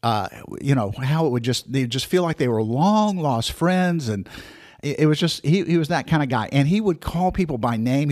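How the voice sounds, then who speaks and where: A man in his sixties telling personal memories for listeners, halting with many restarts and fillers. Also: medium pitch, darkish tone, no room sound, studio quality.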